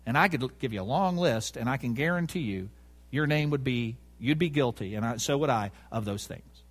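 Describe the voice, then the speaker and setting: A man's voice: medium pitch, expressive, fairly quick. A man preaching a sermon, emphatic, repeating key words and asking the congregation rhetorical questions.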